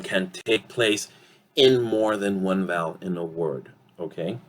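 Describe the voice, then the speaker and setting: A man with a low, unhurried voice gives an online pronunciation lesson. He talks deliberately, saying example words slowly and pausing to check in with the learner. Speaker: English pronunciation teacher.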